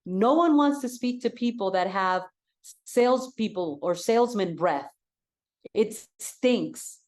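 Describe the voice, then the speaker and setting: A woman's voice: mid-range voice, lively intonation, takes it slowly, a little mellow. A woman real estate coach giving an enthusiastic, direct talk and repeating her key points for emphasis.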